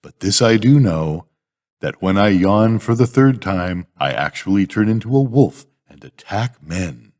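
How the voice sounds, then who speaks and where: A man's voice: on the low side, expressive, unhurried, a little mellow. An older man voicing a sly male thief who confides a tall tale.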